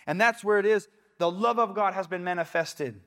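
Casual, slightly high-voiced male pastor. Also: moderate pace, a bit bright. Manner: casual, conversational preaching with quoted asides. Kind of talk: sermon. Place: church sanctuary.

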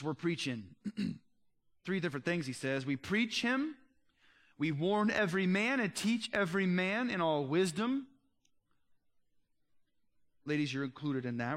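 Casting note: male pastor, slightly high voice, earnest and conversational, slows to stress key lines. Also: a bit bright. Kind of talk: sermon.

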